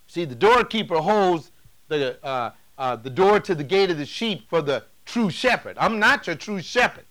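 A man preaching a sermon as pastor, emphatic and rising to loud declarations. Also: fairly high pitch, animated, normal speed. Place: church sanctuary.

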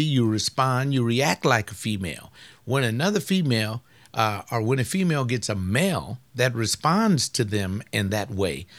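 A man speaks at a middle pitch, lecturing as a marriage counselor. He is emphatic and calls out directly to the men and women he is addressing. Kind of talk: lecture on relationships.

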